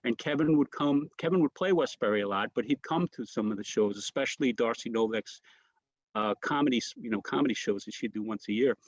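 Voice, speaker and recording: A man's voice: mid-range voice, brisk, no echo, muffled recording. A man, a comedian guest, telling rambling stories and mimicking the voices of others. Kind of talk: storytelling anecdotes.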